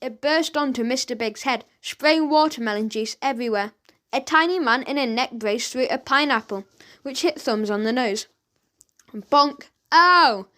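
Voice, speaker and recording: High-voiced woman reading a storybook. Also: normal speed. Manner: lively, expressive reading. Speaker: audiobook narrator. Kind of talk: storybook narration.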